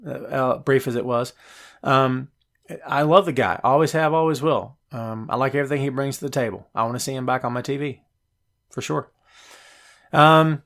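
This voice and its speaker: A man hosting a live wrestling talk show, chatting casually and reading viewers' names aloud, recorded on a phone and a bit out of breath. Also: medium pitch. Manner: chatty, animated, reads chat names aloud. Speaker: podcast host.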